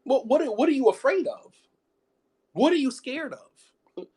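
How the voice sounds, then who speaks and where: A man's voice: very high-pitched, very animated, a little slow, a little mellow. A man giving an impassioned sermon, firing off rhetorical questions and repeating phrases for emphasis. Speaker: preacher.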